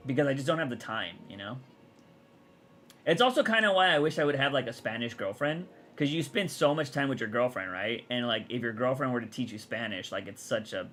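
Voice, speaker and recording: A young man from Texas, chatting casually on a livestream, rambling and answering chat out loud. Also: medium pitch.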